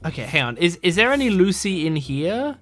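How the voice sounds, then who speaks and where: Bright-voiced man rambling through a game. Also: sits high, sing-song, brisk, faint music behind. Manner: rambling, full of fillers and restarts. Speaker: gamer playing a mystery game. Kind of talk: casual let's-play commentary, reading game text aloud.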